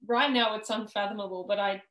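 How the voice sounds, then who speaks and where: A woman guest on a podcast, telling her personal story in a casual, animated way and laughing now and then. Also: medium pitch, a little fast. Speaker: podcast guest, worthiness coach. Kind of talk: casual interview chat. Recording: roomy echo.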